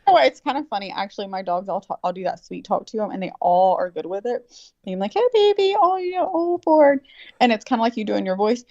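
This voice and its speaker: A woman caller chats bluntly and easily, telling stories at a middling pitch. Her voice comes through a dull, lo-fi line. It sounds dry, with no echo. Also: quick pace, a little mellow. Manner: blunt, chatty, tells stories with imitated voices. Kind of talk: casual phone chat.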